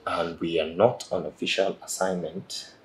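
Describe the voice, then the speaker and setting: An actor playing a relaxed, teasing office boss, speaking with a Nigerian accent in a measured, wry way in a film drama. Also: male voice, low voice, lightly acted, rough recording.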